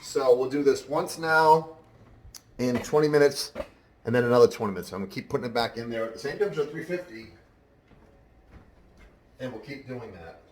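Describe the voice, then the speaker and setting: A man's voice: medium pitch, lively intonation, a little fast, pauses often, roomy sound. A man hosting a casual home cooking show, chatting straight to his viewers.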